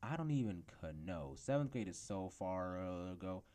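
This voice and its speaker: Low-voiced teenage boy ranting casually. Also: lively intonation, moderate pace, dark tone. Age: teens. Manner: rambling storytelling with many fillers. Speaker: podcast host. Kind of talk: casual rant.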